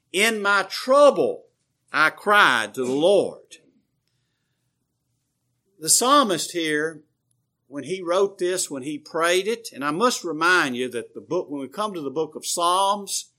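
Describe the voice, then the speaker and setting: Bright-voiced, slow-speaking male preacher. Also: on the high side. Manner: measured, explanatory preaching with frequent uh fillers. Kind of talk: sermon.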